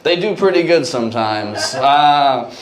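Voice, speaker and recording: A man's voice: medium pitch, expressive, unhurried. A man in his twenties from Cleveland doing a loose, chatty stand-up set and talking with the audience. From Cleveland, Ohio. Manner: loose, conversational, chats with the audience. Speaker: stand-up comedian. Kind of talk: stand-up set with crowd work. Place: comedy club. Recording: echoey club room, loud crowd noise.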